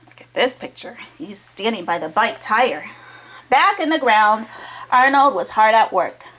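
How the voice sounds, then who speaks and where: A woman's voice: fairly high pitch, big pitch swings, unhurried, fairly bright tone, slight background noise, rough recording. A woman reading a chapter book aloud to children, with chatty asides to her young listeners. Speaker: children's storytime reader.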